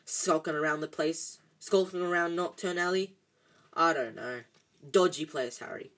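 A reader voicing a huge, gruff half-giant man who growls his words, read in an amateur audiobook style. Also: medium pitch, moderate pace, fairly bright tone, natural voice.

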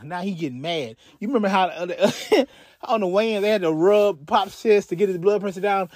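A man's voice: sits high, brisk, a little mellow, no echo, studio quality. A man hosting a podcast who tells a crime story in a casual way, profane and slangy, often stalling and repeating himself. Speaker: podcast host.

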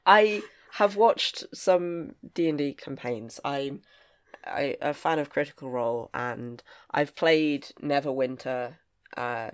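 A man who co-hosts and writes a podcast, chatting casually and speaking haltingly with many ums. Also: medium pitch, smooth.

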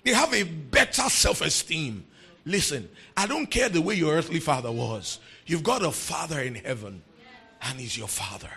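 A man preaching a sermon, emphatic and repeating key phrases, swinging between quiet talk and shouting. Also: a little high, sing-song, normal speed, creaky, breathy edge. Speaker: pastor.

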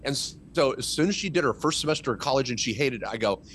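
A man's voice: mid-range voice, quick pace, slight background noise. A middle-aged man, a tax lawyer guest, talking in casual podcast chat and telling stories with emphasis. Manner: animated, emphatic storytelling.

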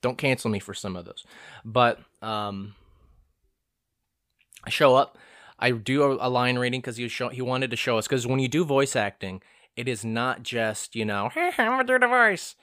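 A man's voice: mid-range voice, fairly even intonation, moderate pace, fairly bright tone, dry recording, studio quality. A young man in his twenties rambling casually through a self-deprecating, profane monologue as a vlogger.

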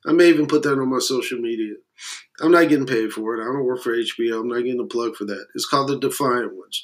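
A man of West Indian heritage delivering a blunt, profane opinion rant, with loud emphatic bursts and muttered asides. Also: mid-range voice. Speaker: commentator.

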